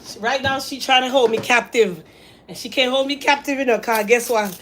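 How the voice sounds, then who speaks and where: Woman vlog host, playful slangy banter, somewhat high voice, light background hiss. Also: fairly quick, a bit bright. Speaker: hair care channel host. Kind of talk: casual chat to viewers.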